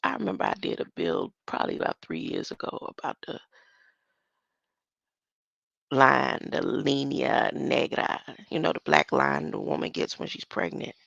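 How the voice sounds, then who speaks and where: A woman's voice: very deep voice, big pitch swings, moderate pace, creaky, few pauses, fairly bright tone, dry recording, muffled recording. An older woman musing aloud in a casual solo stream about word meanings, rambling and laughing often. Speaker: online streamer.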